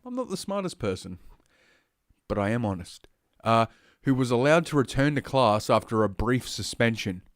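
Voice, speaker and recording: A man's voice: mid-range voice, sing-song, normal speed, dry recording, studio quality. A man with an Australian accent hosting a solo podcast, reading news stories aloud and breaking off into rambling, profane, sarcastic asides. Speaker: podcast host.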